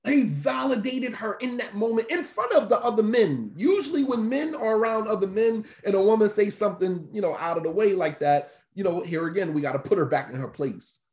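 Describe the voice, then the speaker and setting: Here a religious teacher preaches informally in a high, darkish male voice, brisk and lively with hardly any pauses. His delivery is conversational yet emphatic, driven by repetition of his points. The sound is lo-fi, roomy and dull.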